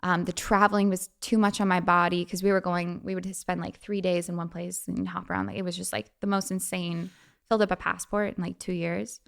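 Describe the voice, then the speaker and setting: A young woman as a podcast guest, telling personal stories in a chatty way with lots of fillers and quick laughs. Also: fairly low pitch, level tone, gravelly, a bit bright, smooth. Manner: chatty, frequent fillers, quick laughs, acts out quoted voices. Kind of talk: casual storytelling.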